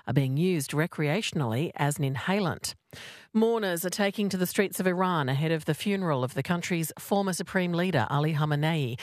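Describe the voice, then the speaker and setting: A man's voice: high-pitched, dry recording, studio quality. Man reading radio news headlines. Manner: measured, even read delivery. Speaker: newsreader. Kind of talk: scripted news bulletin.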